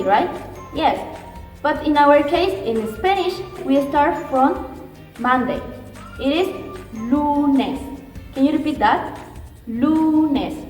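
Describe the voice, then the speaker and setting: A woman teaching a beginner language lesson, speaking slowly and patiently, repeating each word for the viewer to echo and checking in with "okay?". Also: sits high, a little mellow, recorded from a distance. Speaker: Spanish teacher.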